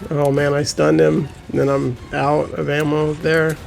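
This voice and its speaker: A man giving casual gameplay commentary, excitable, often laughing and swearing when he gets frustrated. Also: on the high side, unhurried, vocal fry, slight background noise. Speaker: gaming commentator.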